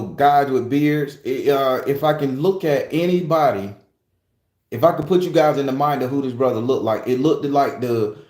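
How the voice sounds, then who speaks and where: A man casually retelling a dream, rambling and swearing freely as he acts out what happened. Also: fairly high pitch. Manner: profane, rambling, animated retelling. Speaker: tarot reader sharing a dream. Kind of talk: casual storytelling. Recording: echoey room.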